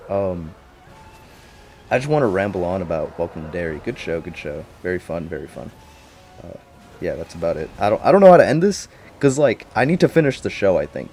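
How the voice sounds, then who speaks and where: Full of slang and offhand swearing, a young man vlogs a loose recap in a lowish, slightly mellow voice, skipping between points in a chatty, unscripted manner.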